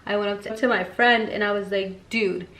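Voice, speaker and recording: A woman's voice: mid-range voice, steady tone, brisk. A woman in her twenties chatting casually in a storytime and makeup vlog, slangy and full of "like" and "um", slipping into Spanish phrases. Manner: chatty, slangy, many fillers like "like" and "um"; mixes Spanish phrases into English. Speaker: beauty vlogger. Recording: echoey room, loud household clatter.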